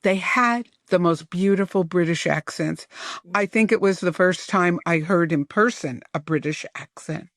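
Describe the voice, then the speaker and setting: A man in his seventies from the New York area, reminiscing in unhurried, detailed storytelling as a podcast guest. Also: high voice, a bit bright, no echo, clean studio sound. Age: 70s. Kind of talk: storytelling in an interview.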